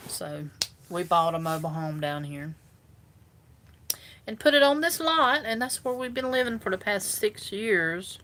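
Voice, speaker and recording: A woman's voice: mid-range voice, expressive, measured pace, fairly bright tone. A woman with a South Carolina Southern accent, chatting casually and rambling easily with viewers, recorded on a phone. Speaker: vlogger. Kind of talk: casual live chat with viewers.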